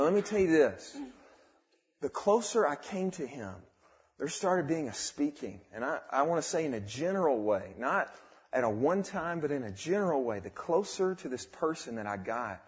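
Casting: high-voiced young man, fervent sermon testimony, dull lo-fi recording. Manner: fervent, swings from quiet to exclaiming. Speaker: speaker giving a testimony.

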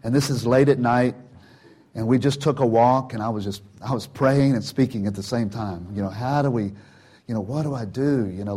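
An older man at church gives an informal sermon, telling a personal testimony in a warm, chatty way full of "you know," restarts, and acted-out quotes. His voice is mid-range with a breathy edge.

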